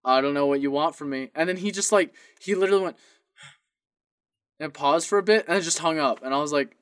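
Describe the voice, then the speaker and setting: A man's voice: fairly high pitch, a little fast, a bit bright, no echo, clean studio sound. A young man on a podcast telling a rambling story about wrong-number phone calls, acting out both sides of each call. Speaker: podcast co-host. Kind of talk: casual storytelling.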